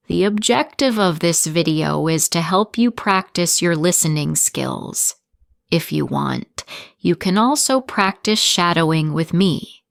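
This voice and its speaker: A woman English teacher narrating a story for learners, slow and deliberate with careful articulation. Her voice sits somewhat low for a woman. The recording is dry and close, with no room sound. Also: creaky, dry recording.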